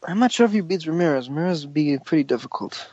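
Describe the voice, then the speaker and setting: A man's voice: fairly high pitch, animated, fast, mellow, slightly rough, no room sound, highs cut off. A man on a casual podcast panel, matter-of-fact, rattling off details. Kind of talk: casual chat about boxing.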